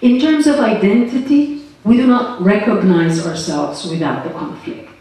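A woman's voice: mid-range voice, normal speed, mellow, recorded from a distance. Emphatic woman in an echoey hall. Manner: earnest, emphatic, building arguments. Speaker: politician guest. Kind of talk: public conversation on stage.

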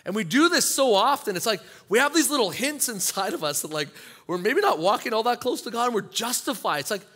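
Animated, bright-voiced male pastor. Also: very high voice, fairly quick, husky. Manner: animated, acts out congregants' inner voices. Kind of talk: sermon.

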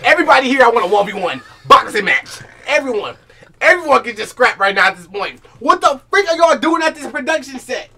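Young man, reaction streamer, high lively voice, bright tone, excitable, swears, casual slang. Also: brisk.

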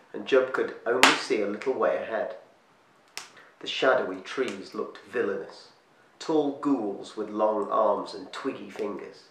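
Low-voiced man reading a storybook aloud. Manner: slows and hushes for eerie moments. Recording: echoey room, distant mic, faint hiss.

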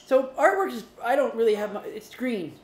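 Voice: mid-range voice, very animated, fairly quick. A co-host of a casual beer review livestream, chatty and teasing, swearing casually. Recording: roomy room with faint noise.

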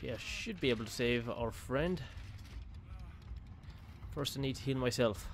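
A man commentates on his own gameplay at an ordinary mid pitch. He frets and mutters his plans to himself, then bursts into startled yelps. A faint noise sits under the recording. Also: expressive, moderate pace. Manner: panicky, swings between jittery muttering and sudden yelps. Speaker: gaming YouTuber.

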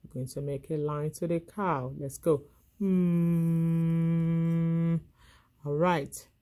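A woman's voice: sits low, steady tone, moderate pace, a little mellow. A woman teacher walking young children through a worksheet, imitating animal sounds as she goes.

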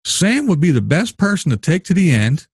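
A man talking through a casual show recap with a lively, swooping delivery. His voice is husky and a little rough, and the room sounds dry. He slips into other people's voices to act out what they said. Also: fairly high pitch, moderate pace, no echo. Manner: animated, acts out houseguests' lines. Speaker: show host. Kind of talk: casual commentary chat.

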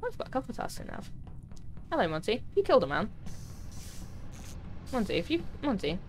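Her pitch swings hugely and her pace is a little fast. Streaming a game, she chats casually with her teammates and viewers, addressing chat directly, and her voice leaps up high whenever she's touched.

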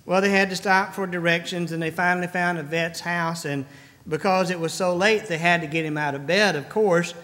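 A male pastor delivering a sermon in a slow, earnest manner, repeating key phrases for emphasis. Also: sits high, fairly even intonation, a bit bright, big-room sound. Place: large church sanctuary.

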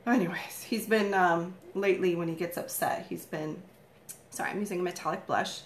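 A woman in her thirties doing a casual live makeup tutorial at home, chatty and rambling, with a morning voice and frequent throat-clearing. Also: lowish voice, brisk, reverberant, slight background noise. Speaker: makeup vlogger, live stream host.

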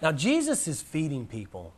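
A man gives a Bible lesson as a presentation lecture, casual and folksy in tone. He's animated but drops to a lower, slower voice whenever he reads scripture.

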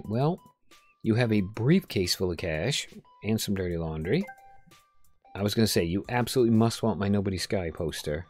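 A gameplay video host casually comments on his own play from a room at home during a rainstorm, with soft music in the background. His voice is on the low side, a little mellow, at normal speed with big pitch swings, as he jokes, reads the customers' lines aloud, and talks to himself.

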